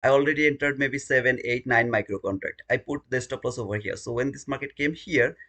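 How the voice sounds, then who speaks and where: A man's voice: medium pitch, brisk, pushed and bright. A man streaming his day trading live, talking through the chart and alternately pleading with the market and scolding himself.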